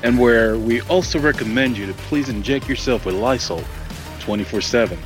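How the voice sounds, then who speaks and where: A man hosting a casual movie podcast with friends, loose and quick to laugh. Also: mid-range voice, music in the background, poor audio. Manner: giggly, loose, laughs often. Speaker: podcast host. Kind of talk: casual chat.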